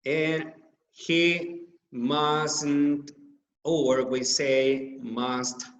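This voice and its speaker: Spanish-speaking guy teaching english, slow and careful, repeats examples, roomy echo. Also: fairly high pitch, flat delivery, a bit bright, muffled recording, slight background noise. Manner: slow, repeats example sentences with stressed words. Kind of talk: slide-based grammar lesson. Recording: echoey room.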